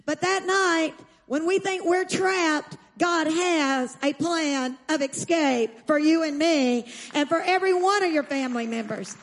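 A woman preacher telling a story in a sermon, emphatic and slowing down to stress key lines, calling on the audience to respond. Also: sits high. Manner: urges the audience to respond aloud.

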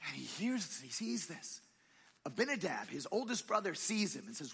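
A man preaching a sermon in a church, telling a story in a lively, conversational and humorous way. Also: fairly high pitch, moderate pace, vocal fry, breathy edge, in a large hall. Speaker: pastor.

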